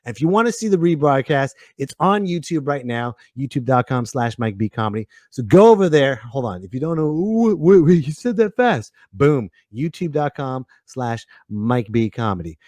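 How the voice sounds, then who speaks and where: A man hosting his comedy podcast, excitable and ranting, with sudden bursts of shouting. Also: medium pitch, moderate pace, few pauses, no echo. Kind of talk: casual comedic monologue.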